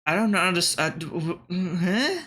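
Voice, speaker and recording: A man hosts a gaming channel, muttering his way through word puzzles in casual let's-play commentary. His voice sits a little high for a man and rings bright and sharp, with offhand swearing and half-finished thoughts. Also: lively intonation, slow pace.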